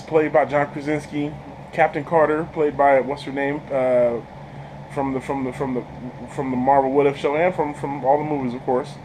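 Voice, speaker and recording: A man giving a casual movie review, an excitable storyteller who stumbles over repeated words, laughs often and talks in slang. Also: medium pitch, a little hiss or hum, poor audio. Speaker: channel host reviewing a film.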